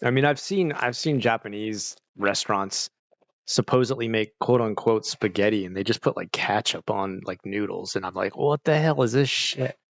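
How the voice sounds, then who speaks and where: A streamer chats casually with viewers on a home livestream, sitting on his couch with a pet nearby. His voice is fairly low, steady, normal in speed and a bit bright, and he rambles and swears a lot, full of "like"s and restarts. The recording is dry, with the highs cut off.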